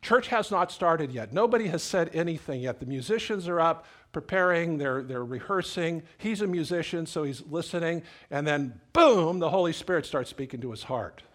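A man's voice: fairly high pitch, expressive, moderate pace, few pauses, a bit bright. A middle-aged male pastor preaching a sermon in a conversational, storytelling way, often repeating words as he goes.

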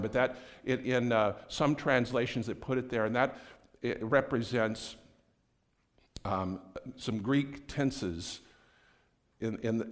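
A man preaching a sermon in a conversational way, acting out the people in the story and often restarting his sentences. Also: medium pitch. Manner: conversational, acts out quoted voices, many restarts. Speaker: pastor.

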